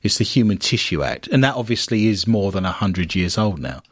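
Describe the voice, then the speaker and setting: Man hosting with lively wry banter. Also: lowish voice, a little fast, slightly rough, no room sound, clean studio sound. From Britain. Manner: wry, teasing, reads stories aloud with quips. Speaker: podcast co-host. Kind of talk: jokey news-reading podcast banter.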